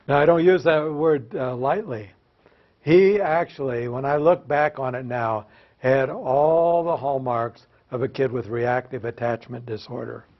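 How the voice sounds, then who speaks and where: On a muffled recording, an older former teacher from the US delivers a humorous storytelling talk with a mid-range voice. He mocks himself through his anecdotes and keeps turning questions to his listeners.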